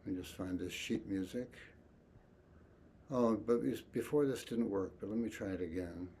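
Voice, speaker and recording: A man teaching an online music lesson, speaking softly and thoughtfully and chanting rhythm syllables. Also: fairly low pitch, normal speed, slight background noise.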